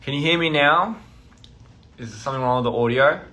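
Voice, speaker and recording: A man's voice: fairly high pitch, fairly quick, pushed and bright. A man chatting casually on a phone live stream, playful and teasing, as a touring artist talking to his fans.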